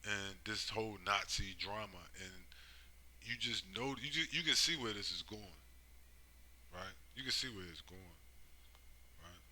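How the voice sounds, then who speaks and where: Man with a sharp, forceful voice. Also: on the low side, a little slow, long pauses, poor audio. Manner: rambling, profane and emphatic, full of tag questions. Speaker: commentator. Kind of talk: casual monologue.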